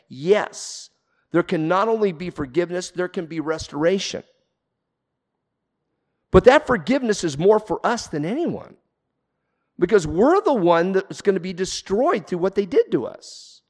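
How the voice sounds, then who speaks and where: A man preaching a sermon as pastor, earnest and emphatic, rising to forceful peaks. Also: high voice, sing-song, measured pace, in a large hall.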